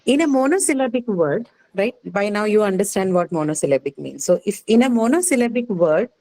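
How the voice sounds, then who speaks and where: A woman with an Indian English accent lectures a phonetics class, walking through rules step by step, pausing to quiz students, and repeatedly checking in with "right?" and "okay." Her medium-pitched voice is animated and dark in tone, and the audio quality is poor.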